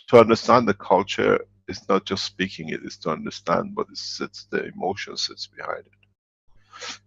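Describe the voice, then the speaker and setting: A man answering questions in a live online workshop, blunt and joking, in halting English. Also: deep voice, wildly swooping pitch, gravelly, pushed and bright, husky. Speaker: workshop speaker. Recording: dull lo-fi video call audio.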